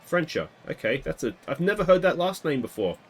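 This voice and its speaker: A man giving casual play-by-play commentary on a baseball video game he is playing, with bursts of excitement on big hits. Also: on the high side, quick pace, husky. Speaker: gaming video host.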